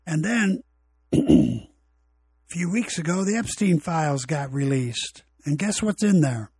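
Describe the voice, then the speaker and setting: Husky-voiced opinionated man, rambling podcast. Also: fairly high pitch, lively intonation, slow pace, a little mellow, no echo. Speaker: podcast host. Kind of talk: casual solo podcast monologue. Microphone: home recording equipment.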